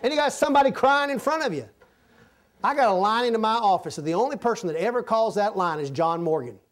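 A man preaching a folksy, humorous sermon in a church, swinging between loud and soft. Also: high voice, animated, fast talker. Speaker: pastor. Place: church sanctuary.

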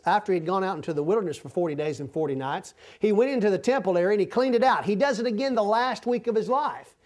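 A man's voice: high-pitched, a little mellow. A man preaching a sermon, telling folksy stories with asides and acting out quotes.

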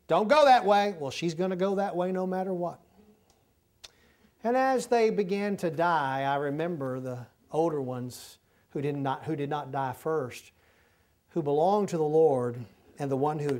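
A man's voice: on the high side, darkish tone. A middle-aged man, preaching a sermon in a folksy, humorous storytelling way. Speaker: pastor.

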